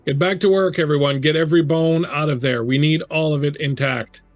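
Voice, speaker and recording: A woman's voice: low-pitched, fairly even intonation, brisk, dry recording, pitched above the performer's own voice, close to an everyday voice. A man voicing a bossy female leader of a dig crew who barks orders. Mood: commanding. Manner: barking orders.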